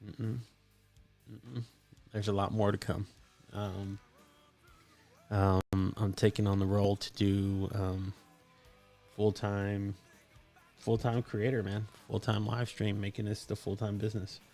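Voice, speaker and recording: A man's voice: on the low side, flat delivery, slow pace, pauses often, dark tone, faint music behind. A man hosting a casual live stream, chatty and enthusiastic with many fillers, his mic voice processed for added depth. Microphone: desktop microphone with voice processing.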